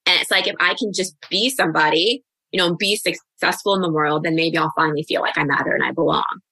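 Bright-voiced woman telling her story. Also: fairly low pitch, slightly rough, no room sound. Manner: open, reflective storytelling with quick asides. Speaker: guest coach. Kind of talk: podcast interview.

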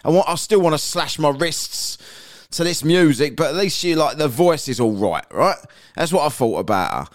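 Sweary ranting man, high voice. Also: expressive, normal speed. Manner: crude, sweary, sarcastic. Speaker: podcast host. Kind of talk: casual ranting chat.

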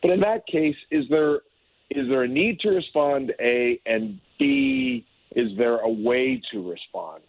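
A man's voice: medium pitch, very animated, unhurried, creaky, breathy edge, no room sound. A man guesting on a radio show, speaking bluntly in a casual, opinionated way with lots of restarts. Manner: blunt, talks in run-on restarts. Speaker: hockey historian guest. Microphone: phone call. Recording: tinny phone line, dry.

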